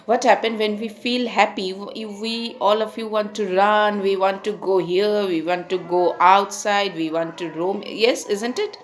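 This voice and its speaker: A woman's voice: mid-range voice, fairly even intonation, a little slow, hardly any pauses, slight background noise. A woman teacher, patiently explaining a poem to young pupils and often checking in with them. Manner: patient, repeats and checks with "okay?" and "isn't it?".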